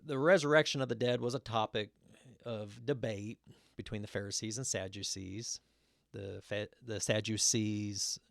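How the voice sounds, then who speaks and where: A man teaching a casual Bible study, reading scripture aloud and explaining it in a relaxed way with many fillers and restarts. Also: on the low side, dry recording, studio quality. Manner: reads scripture passages aloud.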